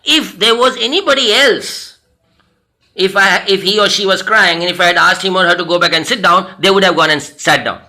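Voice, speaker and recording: A man's voice: high voice, fairly quick, pushed and bright. A man with an Indian English accent, a personality development trainer telling a story in a motivational talk, earnest and repeating phrases for emphasis.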